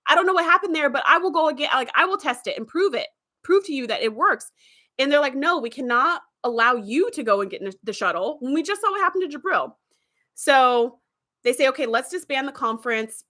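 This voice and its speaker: A woman hosting a show, casually retelling an episode in a chatty, animated way with plenty of fillers. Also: on the high side. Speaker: host.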